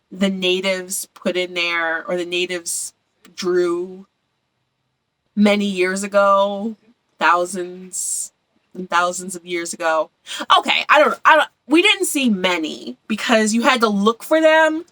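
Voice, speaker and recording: A woman's voice: mid-range voice, pushed and bright, no echo, poor audio. A young woman from Philadelphia chatting casually and enthusiastically about her travels, repeating words for emphasis. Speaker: travel vlogger.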